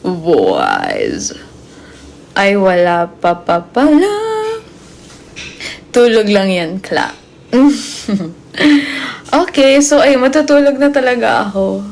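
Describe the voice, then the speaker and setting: Giggly young Filipino woman, high voice. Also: lively intonation, slow pace, pauses often, darkish tone. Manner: giggly, playful, mixing English into Tagalog. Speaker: livestreamer. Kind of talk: casual chat on a live stream.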